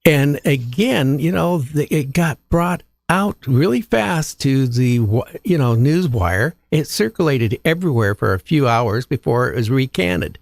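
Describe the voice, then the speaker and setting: A man's voice: mid-range voice, animated, a little slow, gravelly, few pauses, dry recording. A male talk show host chatting casually, rambling with many fillers. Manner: rambling, many fillers like you know and again. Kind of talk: casual chat.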